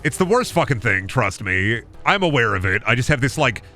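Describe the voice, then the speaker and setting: Animated, bright-voiced male streamer. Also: medium pitch, brisk, soft background music. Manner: rambling, self-mocking, swears a lot. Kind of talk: casual gameplay commentary.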